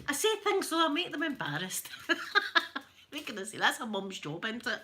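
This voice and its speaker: A woman with a Glaswegian Scottish accent chats away at home as she irons, joking and laughing as she goes. Her voice is bright and a touch high, and a faint hiss sits under it. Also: big pitch swings, unhurried. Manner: chatty and jokey, laughs often. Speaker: ASMR creator. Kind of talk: casual chat. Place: at home, ironing.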